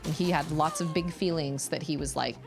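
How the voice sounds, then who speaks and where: A woman chatting casually with her viewers while streaming a game from home, rambling through stories in an expressive way. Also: low voice, brisk, creaky. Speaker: gaming streamer. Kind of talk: casual livestream chat while gaming. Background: faint game music.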